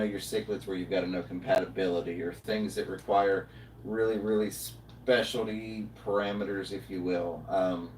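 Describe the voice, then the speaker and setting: A man hosting a casual livestream chat, talking in a relaxed, rambling way with lots of fillers. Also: low-pitched. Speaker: livestream host. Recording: roomy, distant mic, faint noise.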